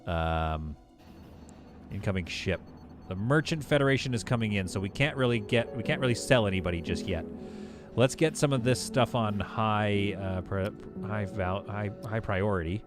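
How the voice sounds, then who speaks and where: A man's voice: on the low side, moderate pace, over music. A man streaming a game live, thinking aloud as he plays, chatting with viewers and laughing easily. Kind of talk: live gameplay commentary.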